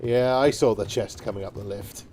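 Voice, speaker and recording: A man's voice: lowish voice, normal speed, noisy background. A man giving casual, jokey let's-play commentary with playful asides.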